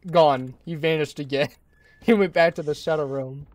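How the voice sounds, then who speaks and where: A young man with a high, bright-sounding voice talks excitedly over a game, laughing often. His voice is recorded close and dry with no room sound. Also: moderate pace, no echo. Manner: giggly, excitable, frequent laughter. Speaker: gaming video host. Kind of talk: casual gaming chat.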